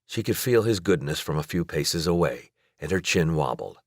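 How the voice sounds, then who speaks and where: A male audiobook narrator reading in a steady, measured way. His voice sits very low. The recording is dry and close. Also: no echo. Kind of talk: scripted narration.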